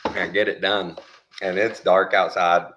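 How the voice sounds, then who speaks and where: This is a middle-aged man with a very low voice and a crisp, bright edge to it. He tells a story in relaxed, casual chat. When he quotes other people, he jumps up into high, animated voices. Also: unhurried, highs cut off, a little hiss or hum.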